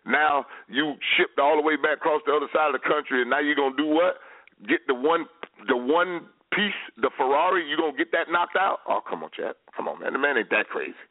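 A man's voice: a little high, brisk. Emphatic man on a phone line. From Central Florida. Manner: emphatic, storytelling, teasing. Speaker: guest, former pro football player. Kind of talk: lively radio talk. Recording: dry phone-line audio.

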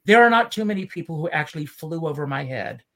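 Halting Southern man hosting a show. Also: fairly high pitch, expressive, sharp tone. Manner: halting, many fillers. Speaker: show host. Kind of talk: casual chat.

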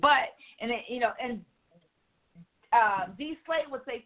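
Woman talk-radio host, loud, emphatic and profane, heard over a tinny phone line. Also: on the high side, a little slow, pauses often. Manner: loud, laughing, emphatic, swears freely. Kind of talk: casual talk radio chat.

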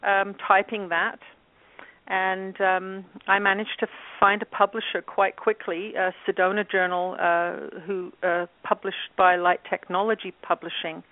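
A woman in her fifties from England, a guest telling her story in a relaxed interview with many fillers. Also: mid-range voice, a little slow. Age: 50s. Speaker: guest, channel and author. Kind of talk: casual interview talk. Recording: tinny phone line.

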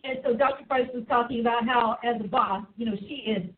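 A woman's voice: on the high side, fairly even intonation, a little fast, phone-quality sound, crowd noise. Woman hosting a live church-y show, preachy and laughing, sounds like it's over a phone. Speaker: host. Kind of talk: lively live show chat.

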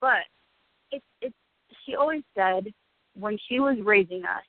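A woman's voice: mid-range voice, a little slow, no room sound. A woman in her forties, a radio guest, speaking candidly and emotionally and swearing freely. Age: 40s. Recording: tinny phone-like dry sound.

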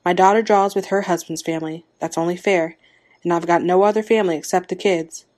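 Quiet, regretful village husband in a story reading, lowish and subdued, voiced by a woman. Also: steady tone, brisk, close to an everyday voice. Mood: resigned.

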